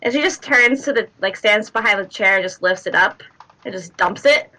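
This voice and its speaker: Woman game master, bright voice, chatty narration, lots of fillers and giggles, tabletop game. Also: medium pitch, moderate pace, low-quality recording.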